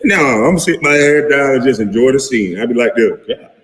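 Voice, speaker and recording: A man in his forties, a retired pro athlete, ranting to camera in a profane, heated, animated way. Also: medium pitch, fairly quick. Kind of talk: casual rant to camera. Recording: echoey room with long reverb.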